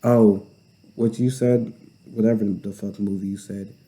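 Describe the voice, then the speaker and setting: A young man co-hosting a podcast in casual chat, laid-back and low-key, with many short agreeing replies. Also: fairly even intonation, unhurried, dark tone. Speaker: podcast co-host.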